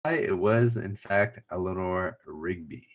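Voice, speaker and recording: A man's voice: low-pitched, slow. A man hosting a casual trivia livestream, reading each clue twice and joking with the chat. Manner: chatty, reads clues twice, jokes with chat.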